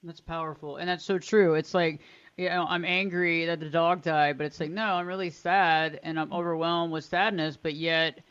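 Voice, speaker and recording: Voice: medium pitch, level tone, moderate pace, fairly bright tone, clean tone, dull audio. A radio show host asking thoughtful, emphatic questions in a podcast interview.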